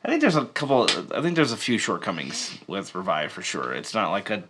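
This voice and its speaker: A man's voice: lowish voice, brisk, noisy background. Easygoing man reading out board game rules. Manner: relaxed, reads game rules aloud. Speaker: co-host of a board game channel. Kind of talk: casual chat while playing a board game.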